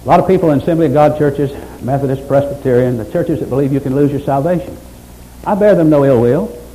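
A man preaching a sermon as pastor, building from steady teaching to fervent exhortation. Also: mid-range voice, fast talker, a little hiss or hum, low-quality recording.

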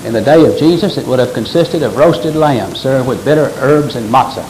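A man's voice: mid-range voice, lively intonation, moderate pace, darkish tone, a little hiss or hum, low-quality recording. A man preaching a sermon, explaining scripture with emphatic stress and quoting verses aloud.

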